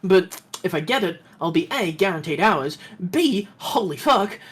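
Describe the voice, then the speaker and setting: A man's voice: high voice, expressive, unhurried, a bit bright, breathy edge. An Australian man chatting casually on a game stream, rambling with lots of fillers.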